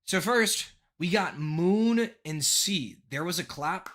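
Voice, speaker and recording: Young male streamer, excitable and rambling, bright pushy tone, pitched a bit high. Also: slow, slight background noise. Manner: excitable, swearing, rambling with restarts and laughs. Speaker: streamer reviewing viewer decks. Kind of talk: casual live stream chat. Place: his bedroom.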